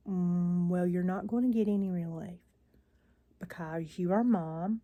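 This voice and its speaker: A woman's voice: on the low side, fairly even intonation, measured pace, darkish tone. An older woman vlogging into her phone, chatting in a rambling, weary way with frequent sighs. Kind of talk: casual chat to camera.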